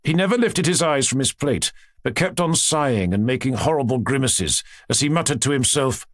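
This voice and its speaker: Expressive, husky-voiced male audiobook narrator. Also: mid-range voice, moderate pace, no echo, studio quality.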